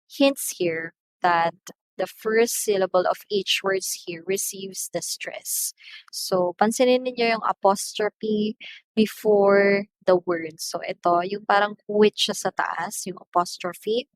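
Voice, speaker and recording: Young filipino woman teacher, slow careful lesson, dry close sound, switches into tagalog. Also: medium pitch, no room sound, rough recording. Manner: explains slowly, mixing Tagalog into English. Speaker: English teacher. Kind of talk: classroom lecture.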